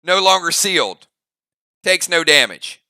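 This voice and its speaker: Bright, crisp game-master man. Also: fairly high pitch, big pitch swings, no room sound, studio quality. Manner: upbeat, drawn-out play-by-play calls. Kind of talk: live game narration and commentary.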